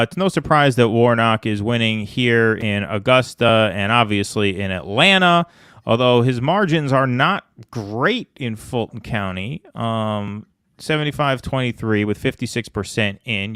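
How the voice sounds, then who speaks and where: A man hosting a live election-night show, analyzing results with brisk, joking banter. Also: mid-range voice, fairly bright tone, smooth, dry recording, clean studio sound. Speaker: political show host.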